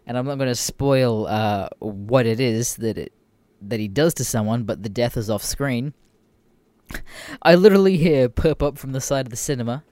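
Speaking at a moderate pace with no room sound, a young adult Australian podcast host rants casually in a mid-range voice. He's animated and profane, laughing often.

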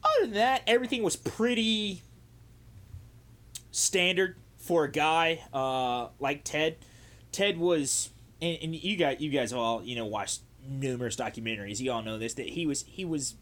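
A man's voice: medium pitch, fairly bright tone, a little hiss or hum. A man hosting a podcast, telling a story in a casual, rambling way with lots of fillers and restarts. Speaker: podcast host.

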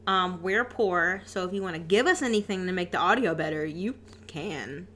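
Sarcastic young woman with a bright voice. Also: lowish voice, moderate pace, slight background noise. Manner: sarcastic, swearing, laughing. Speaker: podcast co-host. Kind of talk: casual podcast chat.

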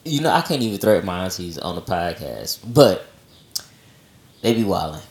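A man co-hosting a podcast, telling family stories in animated casual chat with low asides. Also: moderate pace, echoey room. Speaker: podcast co-host.

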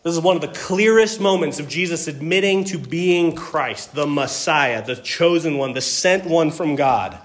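Male pastor, sermon, earnest teaching, fairly high voice, swings from loud to hushed. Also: normal speed, hardly any pauses. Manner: earnest, repeats words when stressing a point; dramatic swings between loud emphasis and hushed tones.

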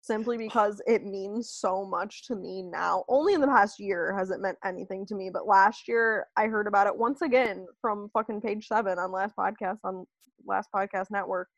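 A woman co-hosting a podcast in casual chat, joking and quick to laugh. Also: medium pitch, fairly even intonation, no room sound. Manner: playful, jokey, quick to laugh. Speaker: podcast co-host.

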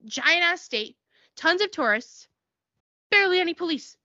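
A woman from Connecticut with an extremely high-pitched voice co-hosts a podcast, talking at normal speed in a casual chat. She tells stories with animation, acting out the people she quotes. The recording has no room sound and its highs are cut off.

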